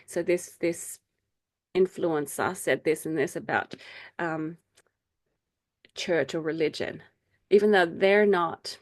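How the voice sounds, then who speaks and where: A middle-aged woman leading a faith group meeting over a video call, explaining ideas in a casual, chatty way, laughing often and acting out quoted people in a higher voice. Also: takes it slowly, pauses often. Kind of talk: casual teaching talk.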